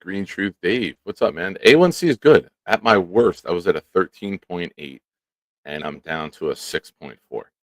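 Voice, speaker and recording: Deep-voiced man hosting a live stream. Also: normal speed, no echo. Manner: animated, talks to chat by name. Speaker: show host. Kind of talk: casual live-stream chat. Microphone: studio microphone.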